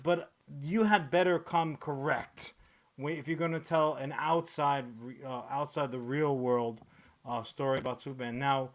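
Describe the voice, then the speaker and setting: A man co-hosting a podcast, rambling and swearing freely, cracking jokes in quick bursts. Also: on the high side, a bit bright. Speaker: podcast co-host. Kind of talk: casual podcast chat.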